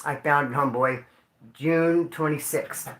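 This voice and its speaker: A grieving man talks to his livestream viewers in a high, bright voice. He is slangy and emotional, calling them dude and homeboy. The room around him is echoey. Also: fairly even intonation, unhurried. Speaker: livestream host. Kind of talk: casual livestream talk.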